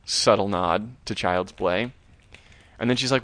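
A man co-hosting a podcast, casually retelling a horror episode with lively, acted-out quotes. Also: fairly low pitch, measured pace, pauses often, no echo. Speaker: podcast co-host. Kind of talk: casual recap chat.

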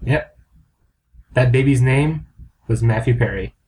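A man's voice: medium pitch, unhurried, a little mellow, slight background noise. A man co-hosting a comedy podcast in casual chat, rambling, crude and self-mocking. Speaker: podcast co-host.

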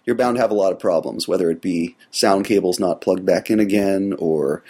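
A man hosting a solo tech podcast with a cold, his voice gravelly, talking in a relaxed, rambling way with many fillers. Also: sits low, a little fast. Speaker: podcast host. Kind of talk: casual solo podcast monologue.

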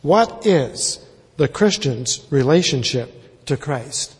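Pastor guy preaching, husky voice, kinda high, lots of church echo, keeps repeating stuff for emphasis. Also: expressive, takes it slowly. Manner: emphatic, repeats words for stress, many uh fillers. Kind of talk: sermon. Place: church sanctuary. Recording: long hall reverb.

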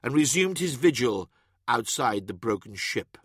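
A man reading an audiobook in steady, even scripted narration. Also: mid-range voice, a little slow, husky, no room sound, studio quality.

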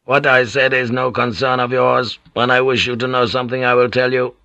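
A narrator playing a stern feudal lord who gives orders curtly and coldly. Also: male voice, mid-range voice, little pitch movement, brisk, vocal fry, bright, forceful tone, no room sound, muffled recording, pitched above the performer's own voice. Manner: curt, commanding. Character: stern proud feudal Japanese lord, cold.

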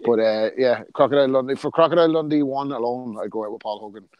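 A man's voice: mid-range voice, fast, dull audio. A man from Ireland co-hosting a podcast, speaking in easygoing casual chat with frequent fillers. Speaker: podcast co-host.

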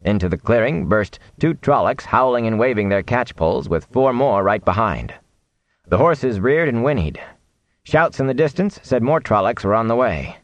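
A man reading a fantasy novel aloud in animated, expressive audiobook narration. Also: medium pitch, normal speed, no echo.

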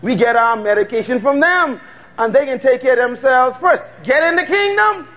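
A man's voice: extremely high pitch, expressive, moderate pace, fairly bright tone, long reverb tail, muffled recording. A Bahamian man preaching a fervent sermon, calling out to the congregation for responses.

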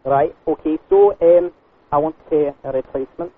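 A man's voice: fairly high pitch, moderate pace, natural voice. Man putting on a fake Scottish grumbler. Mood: complaining. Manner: rambling, repetitive, slips into swearing. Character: blustering Scottish man, grown, pushy customer. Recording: tinny phone line.

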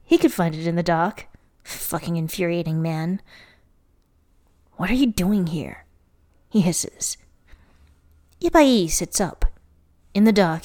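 A woman's voice: on the low side, a little mellow. A woman reading fan fiction aloud to a friend, stopping now and then to fix slips or ask about a word. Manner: reads steadily, stops to ask about words and laugh at slips. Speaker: reader and co-host.

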